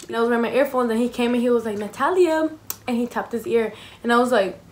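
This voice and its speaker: A woman with a somewhat high voice chats as a guest on a vlog. She tells her story casually and quickly, leaning on a constant stream of fillers. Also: flat delivery. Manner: chatty, filler-heavy, quick.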